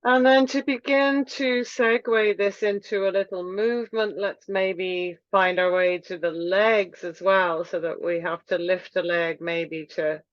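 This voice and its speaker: Woman yoga teacher, calm unhurried guidance, dry close sound, a touch muffled. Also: mid-range voice, dry recording. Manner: gentle, unhurried guiding. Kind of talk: guided movement class. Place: room with wooden floor.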